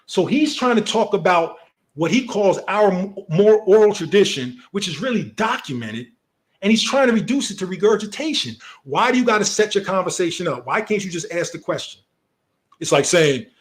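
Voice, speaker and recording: Male commentator, heated and profane, high husky voice, very lively delivery. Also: a little fast. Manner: profane, rhetorical questions, animated.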